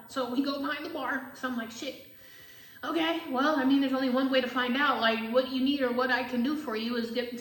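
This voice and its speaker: High-voiced woman telling a profane story. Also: recorded from a distance. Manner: animated, profane, acts out both sides of conversations. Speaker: tarot reader telling a story. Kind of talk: casual storytelling monologue. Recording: echoey room.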